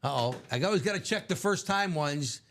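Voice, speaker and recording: A man's voice: on the high side, animated, fairly quick, fairly bright tone, slight background noise. Upbeat middle-aged man hosting a live break. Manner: chatty and upbeat, laughing often. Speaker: live card break host. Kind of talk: casual live-stream commentary.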